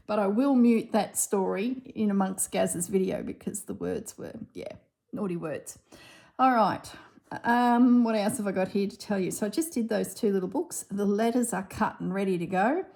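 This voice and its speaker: Mellow-voiced woman, chatty. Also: mid-range voice, moderate pace, vocal fry. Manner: chatty, laughing, rambling storytelling. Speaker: crafting vlogger. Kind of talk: casual chat while crafting.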